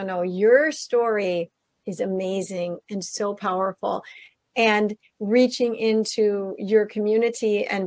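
A woman's voice: medium pitch, no echo. A woman hosting an interview, talking with enthusiasm and turning to the listeners as y'all. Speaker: host. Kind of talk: casual interview.

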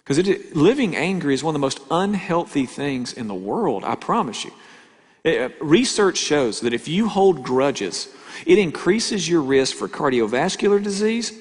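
A man's voice: on the high side, sing-song, normal speed, slightly rough. A pastor preaching a sermon, emphatic and repeating his key lines, often checking for agreement. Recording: long hall reverb.

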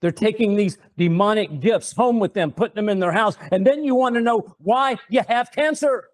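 A middle-aged man hosts a religious talk show, preaching fervently with rhetorical questions and repeated words. He has a high-pitched voice and speaks at a moderate pace.

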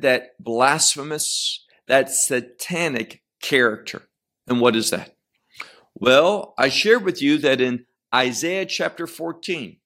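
A man's voice: a little high, a bit bright. A middle-aged man teaching a Bible passage verse by verse, stressing single words and explaining Hebrew terms.

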